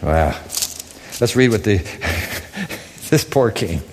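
Male pastor, theatrical sermon delivery, lively high voice, long hall reverb. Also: very slow, slight background noise. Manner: animated, theatrical storytelling.

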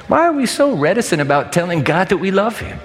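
Give me an older male pastor preaching in a church, his voice sitting fairly high and carrying a long hall reverb, talking in a lively, emphatic way. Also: fairly quick, a little hiss or hum. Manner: animated, conversational, emphatic. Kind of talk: sermon. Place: church sanctuary.

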